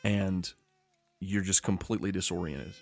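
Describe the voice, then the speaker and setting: A man narrating as game master of a tabletop game, slowing down for dramatic scene-setting. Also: deep voice, fairly even intonation, dry recording.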